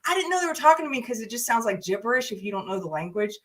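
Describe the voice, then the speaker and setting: A woman hosting a livestream, telling a story in a casual, animated way and laughing often. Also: on the high side, very fast. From United States. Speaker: host.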